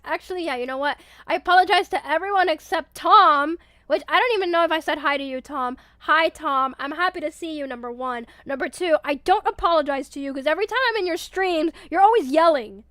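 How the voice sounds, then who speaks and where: A young woman chatting casually on a live stream as a VTuber, reading her chat aloud, giggling often and getting loud when excited, with casual swearing. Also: high voice, fairly quick, few pauses, no room sound, studio quality. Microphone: headset mic with headphones.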